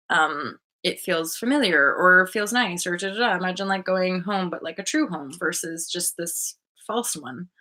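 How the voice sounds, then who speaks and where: Bright-sounding woman rambling about spirit stuff, lots of "like", swears a bit. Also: fairly low pitch. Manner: rambling, loose, sprinkled with "like" and swearing. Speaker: spiritual coach and channel host. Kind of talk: casual spiritual monologue.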